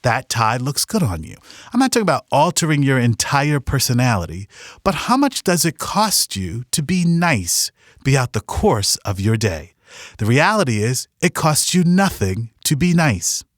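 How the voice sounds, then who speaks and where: A man's voice: mid-range voice, very animated, moderate pace, no echo. A man hosting a podcast, giving an earnest, upbeat motivational talk with a story from his past, on a studio mic. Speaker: podcast host. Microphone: studio microphone.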